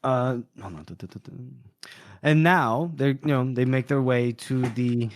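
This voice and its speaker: A man co-hosting a podcast, chatting loosely about a book and retelling scenes with quick snatches of character voices. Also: medium pitch. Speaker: podcast co-host. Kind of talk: casual book discussion.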